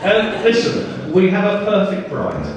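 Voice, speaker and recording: A man's voice: high-pitched, measured pace, over music. An older man giving a father of the bride speech at a wedding reception, emotional and joking, then leading a sing-along. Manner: emotional, joking, self-deprecating. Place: large wedding reception hall. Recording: echoey hall recorded from far off.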